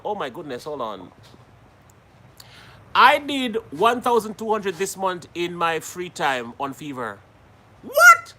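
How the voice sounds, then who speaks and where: A man's voice: high voice, sharp tone. A man from Jamaica hosting a live stream, chatting casually and greeting viewers by name, laughing often.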